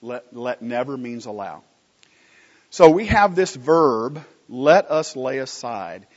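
A pastor preaching a sermon in a conversational teaching manner, asking the congregation rhetorical questions and swinging between emphatic and quiet phrases. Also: male voice, medium pitch, expressive, slow. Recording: dull lo-fi recording with long hall reverb.

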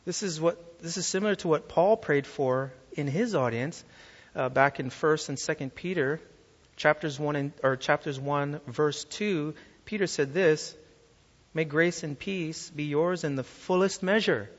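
Man, pastor, slow deliberate sermon, long hall echo, dull lo-fi sound. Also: on the high side. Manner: emphatic preaching with rhetorical questions to the congregation.

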